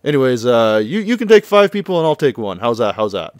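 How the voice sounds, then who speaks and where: A man's voice: medium pitch, big pitch swings, brisk, no echo, studio quality, voice pushed up, lightly acted. A man loosely paraphrasing a tough, stern male ex-yakuza mentor lecturing a younger man, in a casual game recap.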